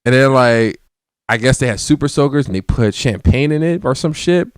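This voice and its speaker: Lively man telling a wild story. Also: medium pitch, moderate pace, smooth, no echo, studio quality. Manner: animated, acts out quotes, laughs often. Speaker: guest. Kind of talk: casual storytelling.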